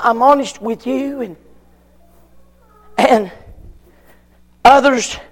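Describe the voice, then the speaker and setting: A struggling churchgoer complains to God, halting and stammering, as a preacher plays him. The voice is very high and gravelly and rings in a long hall reverb. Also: male voice.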